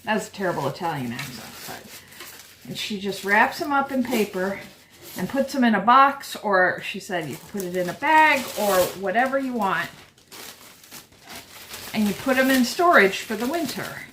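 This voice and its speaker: Brief: female homestead vlogger, mid pitch, casual and joking at her own expense, home kitchen feel, faint background hum. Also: lively intonation, normal speed, a bit bright, rough recording. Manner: chatty and self-deprecating. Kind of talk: casual vlog narration.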